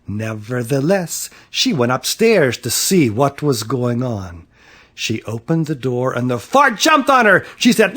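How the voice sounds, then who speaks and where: Man, storybook read-aloud, slow and lively, fairly high voice, playful pauses. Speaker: author reading his own picture book. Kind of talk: picture-book read-aloud.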